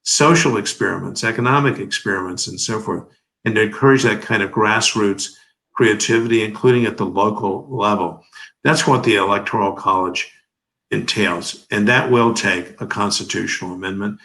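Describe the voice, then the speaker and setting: A man's voice: fairly low pitch, moderate pace, pushed and bright, low-quality recording. A man in his seventies giving emphatic, oratorical legal commentary as an interview guest, leaning on rhetorical questions. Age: 70s.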